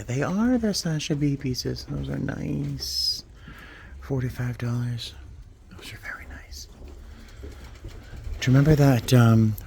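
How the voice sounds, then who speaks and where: Excitable gravelly man whispering over antiques. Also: mid-range voice, slight background noise. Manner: excitable, gushing, sometimes whispering to himself. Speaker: vlogger. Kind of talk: casual vlog commentary. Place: indoor antique store.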